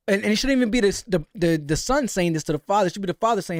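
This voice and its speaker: Hosting a live stream, this young American man talks boxing in a casual, slangy way, reading chat comments and leaning on fillers like "you know what I'm saying." He sounds high-pitched and races along with barely a pause. Audio is clean studio sound without echo.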